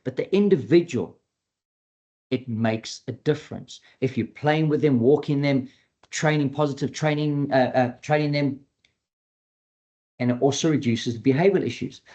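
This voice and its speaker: In dull-sounding audio, a man at medium pitch speaks at a moderate pace. He trains dogs and gives an earnest educational webinar talk, reiterating key points and acting out quoted dialogue in a lively voice.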